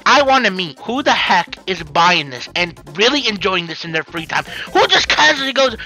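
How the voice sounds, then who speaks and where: A man hosting a comedic reaction video, loudly yelping and talking to his viewers as fellas. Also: very high voice, animated, normal speed, vocal fry, hardly any pauses, faint music behind, low-quality recording.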